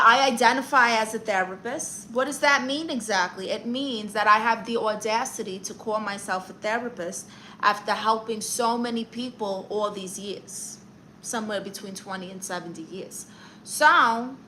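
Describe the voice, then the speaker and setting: A brash, boastful aunt who appoints herself therapist, with a bright, pointed voice that sits a little high , as a woman puts her on. She fires back sassy comebacks while reading chat aloud on a livestream. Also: a little hiss or hum, poor audio.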